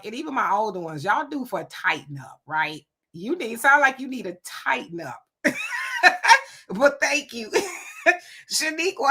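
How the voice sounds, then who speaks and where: A middle-aged woman hosts a relaxed live stream, a little high in pitch with a bright, forceful tone. She chats freely, laughs often and answers her viewers as she goes. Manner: chatty, laughs often, talks back to viewers. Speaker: live-stream host reading chat. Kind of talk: casual live-stream chat.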